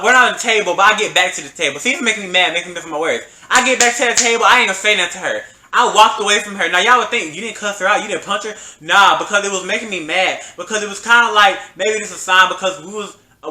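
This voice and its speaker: A young man rattles through a storytime vlog at a quick clip, his voice high and sharply bright. He tells it in an animated, slangy, emphatic way, and the room around him rings with echo. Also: a little hiss or hum. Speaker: vlogger.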